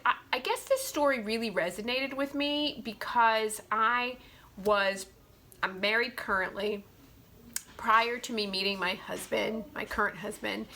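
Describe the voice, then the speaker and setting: A woman's voice: medium pitch, sharp tone, a little hiss or hum. A young adult woman chatting heartfelt about romance novels, filling her talk with "like". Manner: heartfelt, chatty, full of "like" fillers. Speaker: booktuber reviewing romance novels. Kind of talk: casual book review chat.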